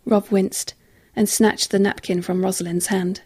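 A woman narrating an audiobook in measured, quietly tense tones. Her voice is husky and gravelly, with a dark, mellow colour. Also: medium pitch, flat delivery.

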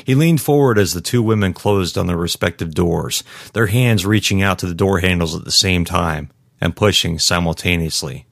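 A man giving scripted narration of a story in a steady, measured way. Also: low-pitched, gravelly, no room sound, studio quality. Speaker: audiobook narrator.

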